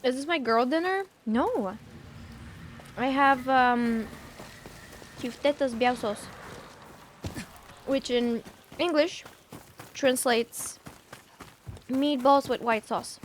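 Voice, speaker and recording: High-voiced Bulgarian streamer woman. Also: slow, long pauses, a little hiss or hum. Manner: chatty, teasing, reads chat aloud. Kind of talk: casual gaming livestream chat.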